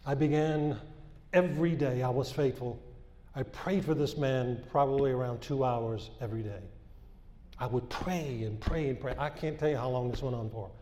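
Male preacher, fervent sermon delivery, warm tone, roomy church reverb. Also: mid-range voice. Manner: impassioned, repeats phrases, rises in bursts. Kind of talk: sermon with scripture reading. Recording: echoey hall.

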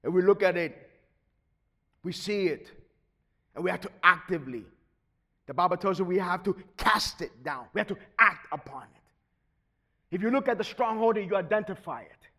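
A middle-aged man preaching a sermon, swinging between quiet, steady teaching and sudden loud, shouted bursts. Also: high voice, normal speed, pauses often. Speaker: pastor.

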